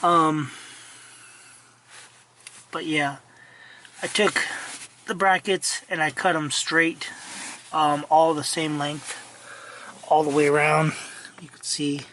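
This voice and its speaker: A middle-aged man giving a rambling, casual walkthrough of his truck restoration inside the cab, his throat dry so he keeps clearing it, with many fillers and restarts. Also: on the high side, level tone, slow pace, long pauses, sharp tone, slight background noise. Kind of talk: casual work-in-progress walkthrough.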